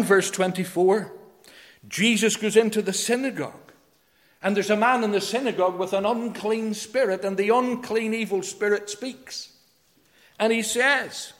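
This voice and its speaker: A man preaching a sermon, emphatic, swinging between loud declarations and hushed phrases. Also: sits high. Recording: long hall reverb.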